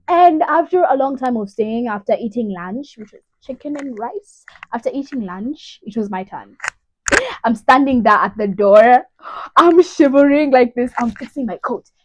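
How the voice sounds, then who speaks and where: A woman's voice: on the high side, lively intonation, moderate pace, low-quality recording. Young woman telling a story. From Kenya. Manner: rambling, lots of "you know", emotional retelling. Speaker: vlogger. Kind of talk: casual storytelling.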